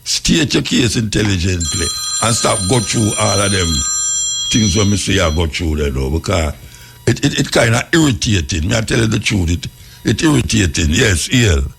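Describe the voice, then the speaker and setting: A man's voice: on the low side, animated, normal speed, creaky, background noise. A man with a Jamaican accent hosting a call-in radio show, blunt and impatient with rambling callers. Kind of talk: casual call-in radio chat.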